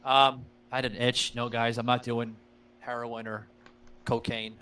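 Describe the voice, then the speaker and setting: A man's voice: mid-range voice, level tone, measured pace, pushed and bright, low-quality recording. A man hosting a podcast, talking loosely and profanely with a lot of fillers and laughs, and addressing the listeners as guys. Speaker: podcast host. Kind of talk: casual podcast chat.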